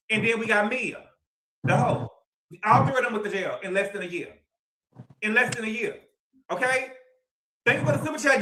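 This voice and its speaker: A man with a high, bright voice hosts a livestream recap, sassy and dramatic, hammering lines home by repeating them. The sound carries a roomy echo. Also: a little hiss or hum. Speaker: livestream host. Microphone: streaming mic.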